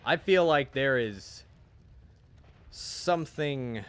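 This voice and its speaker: A man's voice: mid-range voice, lively intonation, very slow, a bit bright, smooth. A man streaming a game and chatting casually, retelling a story in a rambling, profane way full of restarts. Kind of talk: casual chat while gaming.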